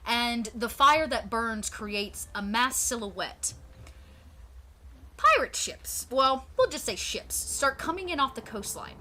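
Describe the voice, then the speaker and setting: Woman game master, chatty narrator, bright higher voice, faint noise in the recording. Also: big pitch swings, slow pace. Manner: chatty, lots of fillers and restarts.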